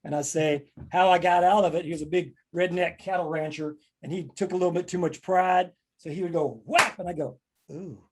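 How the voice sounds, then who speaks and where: A man's voice: a little high, fairly even intonation, fairly quick, few pauses, darkish tone. Playful man hosting a jokey chat. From Kentucky. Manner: playful, jokey, acts out quotes. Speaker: podcast host. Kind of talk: casual comedic chat.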